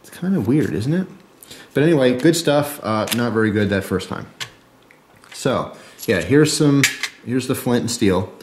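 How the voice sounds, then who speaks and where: A man's voice: medium pitch, expressive, a little slow, pauses often, a little mellow, slight background noise. A man with a New Jersey accent, talking casually as he shows his gear, joking in asides and checking in with "okay?" and "right?". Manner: chatty, jokey asides, frequent "okay?" and "right?". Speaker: survival video host. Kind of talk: casual show-and-tell talk.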